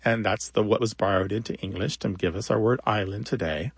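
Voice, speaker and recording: A man's voice: fairly low pitch, fairly quick, husky, dry recording. A man co-hosting a call-in radio show about words, chatting with callers and explaining word histories in a good-humored way.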